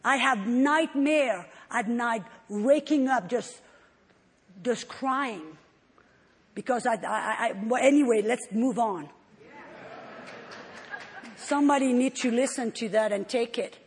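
A woman preacher giving an emotional, expressive testimony in a sermon. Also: fairly high pitch, takes it slowly, long pauses, a little hiss or hum. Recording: long hall reverb.

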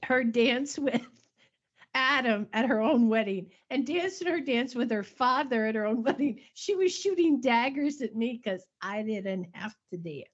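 A woman's voice: fairly high pitch, animated, a little slow, breathy edge. A woman co-hosting a casual chat, joking and wry in manner. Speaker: podcast co-host. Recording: dull lo-fi recording.

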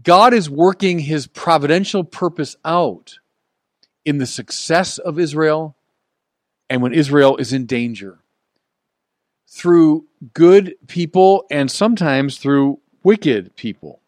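A man preaching a sermon at an unhurried, deliberate pace. His delivery is earnest and emphatic, and he lifts his voice to drive points home. The recording is close and dry. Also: fairly high pitch, dry recording. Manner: earnest, emphatic, with rising emphasis and soft chuckles.

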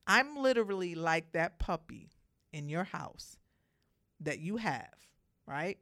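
A woman giving a motivational monologue to other women, speaking emphatically, telling animated stories and addressing her listeners directly. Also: on the low side, slow pace.

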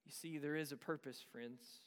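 A man's voice: fairly high pitch, fairly even intonation, moderate pace, big-room sound. A pastor in his thirties preaching a sermon, telling a personal story in a conversational way with rhetorical questions. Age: 30s.

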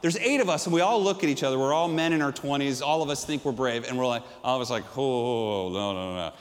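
Animated preacher man in a big hall. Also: on the high side, fast talker. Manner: energetic storytelling preacher, swings from loud to hushed. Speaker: pastor. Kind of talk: sermon.

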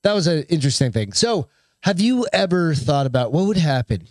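A man co-hosting a casual podcast, his voice sitting a little high for a man. He rambles through stories with fillers and easy swearing. The sound is dry and close to the mic. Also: big pitch swings, fairly quick, no room sound. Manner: loose, swearing banter with frequent fillers. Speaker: podcast co-host. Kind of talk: casual chat.

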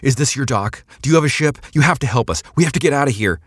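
A man's voice: medium pitch, animated, quick pace, breathy edge, dry recording, clean studio sound, pitched above the performer's own voice. A man voicing a frantic male passenger who begs a stranger for rescue in an audiobook. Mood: panicked pleading. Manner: pleading, panicked.

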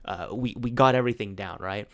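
A man hosting a solo podcast, casually telling a story with lots of restarts and animated retold dialogue. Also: on the low side, fairly quick. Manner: rambling, with many restarts and fillers; quotes friends in animated retellings. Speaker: podcast host.

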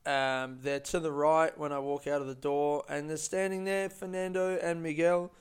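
Man, casual storytelling, slightly high pitch, rambling, profane, lots of fillers. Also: fairly even intonation, moderate pace, smooth.

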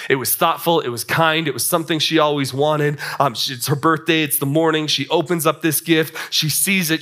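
A young man preaching a sermon to young adults, animated and acting out little scenes, often repeating words as he starts. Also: a little high. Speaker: young adult ministry pastor.

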